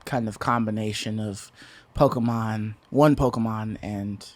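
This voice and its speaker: A man's voice: lowish voice, steady tone, measured pace, no room sound. A man in his thirties co-hosting a casual podcast, rambling with lots of fillers and restarts. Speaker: podcast co-host.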